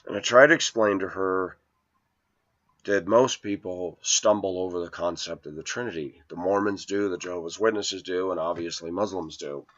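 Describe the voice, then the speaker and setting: A man's voice: low voice, steady tone, normal speed, fairly bright tone. A man in his forties from the United States, talking through a long, earnest and aggrieved personal monologue as a vlogger. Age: 40s. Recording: dull lo-fi recording.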